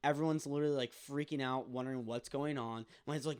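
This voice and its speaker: A young man tells a long, winding story on a casual podcast. He fills his talk with ums and likes and keeps circling back. His voice sits in an ordinary middle pitch. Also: fairly even intonation, brisk, few pauses, darkish tone. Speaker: podcast co-host. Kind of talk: casual chat.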